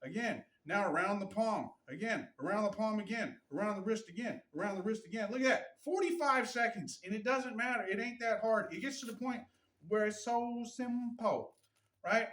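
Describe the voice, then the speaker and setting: A man's voice: high voice, normal speed, a bit bright, far from the mic. A man casually demonstrating how to wrap hands for boxing, rambling and blunt, often checking in with "right?". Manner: loose, rambling, keeps asking "right?". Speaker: boxing and MMA instructor. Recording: roomy sound from off the mic.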